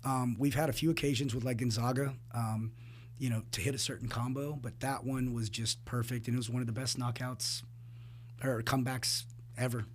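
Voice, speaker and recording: Animated man telling fight stories. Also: mid-range voice, a little hiss or hum. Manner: animated storyteller, laughs often, quick asides. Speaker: fight coach, guest. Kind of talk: casual interview chat.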